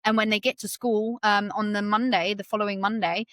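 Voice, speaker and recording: A woman's voice: medium pitch, fairly even intonation, fairly quick, a bit bright, no room sound. A woman hosting a book podcast, retelling the story in casual chat and acting out the quotes with many fillers.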